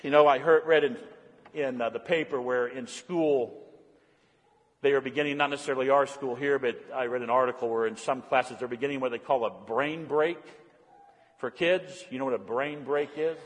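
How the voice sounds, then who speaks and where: A man preaching a sermon as pastor, swinging from raised, fervent calls to hushed, soft-spoken prayer. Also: medium pitch, moderate pace. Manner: impassioned preaching, voicing God's call in a raised voice. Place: church sanctuary. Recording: long church reverb.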